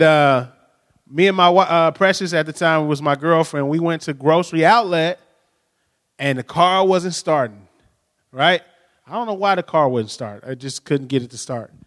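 A man's voice: fairly high pitch, a bit bright. A man preaching a conversational sermon, telling stories and often checking in with "right?". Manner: storytelling, frequent "right?" tag questions. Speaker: pastor. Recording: long hall reverb.

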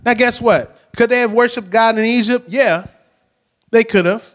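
A man's voice: extremely high pitch, moderate pace. A middle-aged man preaching a sermon in a conversational way, often checking in with the congregation. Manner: conversational preaching, asks the crowd "right?". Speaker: pastor.

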